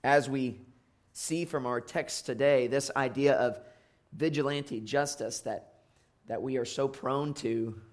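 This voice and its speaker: A man preaching a sermon as pastor, reading scripture and then speaking conversationally, with frequent fillers and restarts. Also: mid-range voice.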